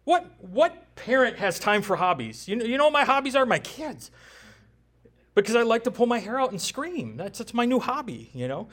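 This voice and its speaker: A pastor from the United States preaching a sermon in a conversational style, with joking asides and frequent rhetorical questions to the congregation. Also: male voice, very high-pitched, sing-song, normal speed, a bit bright.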